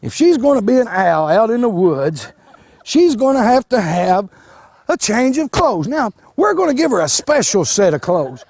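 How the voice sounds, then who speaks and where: Speaking at a normal speed in a high-sitting voice, a wildlife educator from Kentucky puts on a live show for kids. He is animated and folksy, with frequent fillers and restarted words, and there is no echo.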